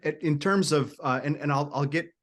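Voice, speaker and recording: A man's voice: on the high side, moderate pace. Hesitant male panel host. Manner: hesitant, many restarts and repeated words. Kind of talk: panel discussion, reading viewer questions.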